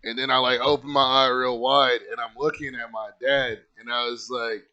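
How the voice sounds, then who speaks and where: Bright-voiced man rambling through a story. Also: medium pitch, flat delivery, normal speed, lo-fi sound. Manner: rambling and conversational, full of "like" and "you know"; earnest and heartfelt. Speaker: channel host telling his own story. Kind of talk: casual personal storytelling.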